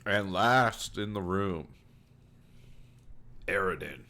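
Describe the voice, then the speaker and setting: A man's voice: low-pitched, slow pace, sharp tone. A man running a tabletop game as game master, playful and teasing with players.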